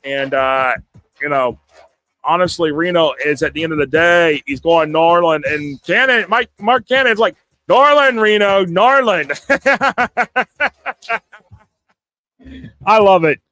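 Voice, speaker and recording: A man hosting a casual live sports talk show, excitable and stammering, often laughing and reading viewer comments aloud. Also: fairly high pitch, moderate pace, no room sound.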